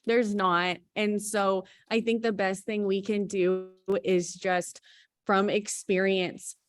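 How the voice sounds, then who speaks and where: A woman gives motivational advice emphatically, running one thought into the next. Her mid-pitched voice is recorded dry and close. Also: little pitch movement, slow, no room sound. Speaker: host. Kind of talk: motivational talk.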